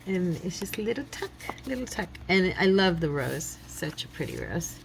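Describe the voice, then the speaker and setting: Woman, middle-aged, low voice, rambling chatty crafting talk, quiet background hiss. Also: sing-song, moderate pace, gravelly. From United States. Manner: chatty, rambling, laughs often, thinks aloud. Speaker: craft channel host. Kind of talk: casual crafting chat.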